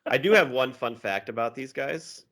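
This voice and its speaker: A man's voice: medium pitch, lively intonation, normal speed, fairly bright tone. A man co-hosting a podcast, talking eagerly about a film and acting out lines from it. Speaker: podcast co-host. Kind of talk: casual chat.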